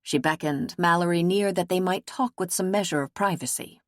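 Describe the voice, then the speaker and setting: A woman reads an audiobook in a measured, steady way with a fairly low voice. The recording is close and dry, with no room sound. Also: dry recording. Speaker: audiobook narrator. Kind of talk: scripted audiobook narration.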